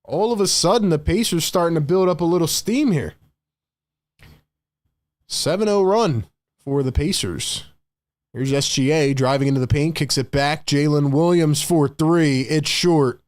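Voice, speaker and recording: A young man with a slightly high voice calls a basketball game live for his stream, fired up and chatty. He hollers at big shots, begs the chat for likes and jumps between plays and hot takes. His delivery is loose, fast and animated, like a fan behind a desk mic. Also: no room sound, clean studio sound. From Philadelphia area. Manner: excitable, hypes the chat, shouts at big plays. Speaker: live stream host doing play-by-play.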